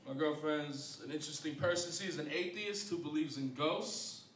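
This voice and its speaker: A wry man in his thirties works through a self-mocking stand-up set, his voice sitting a touch high. He is caught from a distance in an echoey club, with a clear noisy bed behind him. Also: moderate pace, a bit bright. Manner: wry, self-deprecating, jumps to high-pitched voices for punchlines. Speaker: stand-up comedian. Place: comedy club stage. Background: audience laughter.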